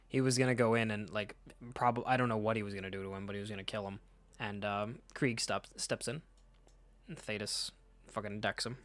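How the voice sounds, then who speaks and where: A man's voice: lowish voice, steady tone, fairly quick, fairly bright tone, no room sound. A man casually reading through comic issues and chatting about them, joking, swearing freely and correcting himself mid-sentence. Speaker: comic book reader and commentator.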